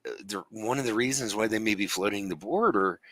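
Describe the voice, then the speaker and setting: A man hosting a casual reaction chat, animated as he lays out his arguments. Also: on the low side, a little fast, no echo. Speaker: host.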